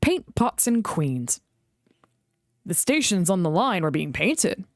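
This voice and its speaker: Expressive female storybook reader, lively melody, dry close sound. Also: lowish voice, slow pace, no room sound. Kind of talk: reading a children's book aloud.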